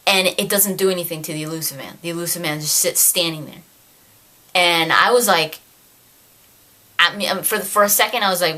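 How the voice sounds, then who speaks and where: A woman giving an animated, exasperated review of a novel in a casual rant, acting out characters' lines along the way. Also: lowish voice, a little fast. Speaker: video creator reviewing a novel. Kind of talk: casual ranting book review.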